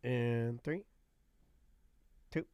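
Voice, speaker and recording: A man co-hosting a casual live-stream chat, telling rambling stories in an animated way. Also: mid-range voice, drawn-out words, no echo, clean studio sound. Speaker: co-host.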